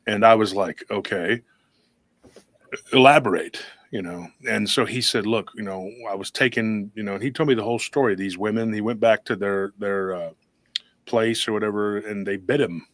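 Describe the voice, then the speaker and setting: A man's voice: fairly low pitch, normal speed, a bit bright, no room sound. A man hosting a paranormal talk show, telling a long story in a rambling, casual way with many restarts and acted-out quotes. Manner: rambling, restarts often, acts out quoted voices.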